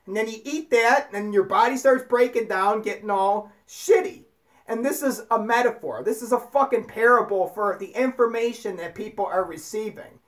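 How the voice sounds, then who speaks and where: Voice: mid-range voice, normal speed. Ranting, foul-mouthed spiritual speaker. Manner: emphatic, ranting, heavy swearing. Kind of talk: profane spiritual monologue.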